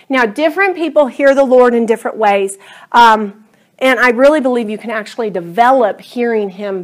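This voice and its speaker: A woman with a lilt leads a Bible study class. Her voice sits a little high, and she talks casually and animatedly, stepping into little acted-out conversations with God as she teaches.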